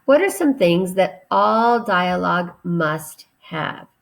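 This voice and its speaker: A woman teacher giving a recorded grammar lesson to children, patient and deliberate as she spells out each step. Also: lowish voice, expressive, vocal fry.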